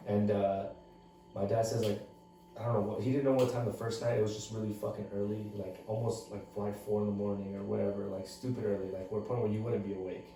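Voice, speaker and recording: Podcast co-host, male, lowish mellow voice. Loose, profane storyteller. Roomy echo, distant mic. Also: level tone, fast, a little hiss or hum. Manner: heavy swearing, lots of "like" fillers. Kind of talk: casual storytelling. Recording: very echoey room, far from mic.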